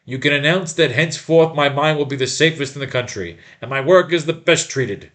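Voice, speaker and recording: A man's voice: fairly high pitch, a little fast, a bit bright, close to an everyday voice. A man voicing a wealthy mine owner who makes a formal, earnest announcement in an old cartoon scene. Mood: solemn.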